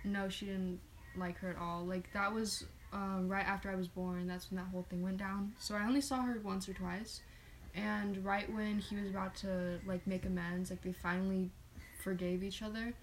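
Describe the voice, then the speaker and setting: A young woman co-hosts a casual podcast, chatting loosely with lots of fillers and restarts. Her mid-range voice stays fairly flat in pitch and moves at normal speed, with slight background noise.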